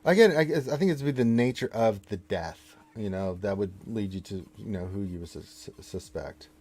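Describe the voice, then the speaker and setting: Male game streamer, lowish voice, relaxed chat with the viewers, playfully scolds them for bad manners. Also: normal speed. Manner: playful, mock-stern teasing. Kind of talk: casual live-stream chat.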